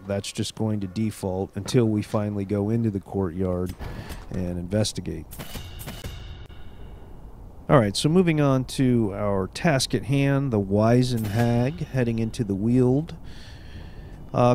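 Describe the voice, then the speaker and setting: A man hosting a let's play video, stuffed up from a cold, talking in a relaxed, chatty way with plenty of fillers. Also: fairly low pitch, slight background noise. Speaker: gaming video host.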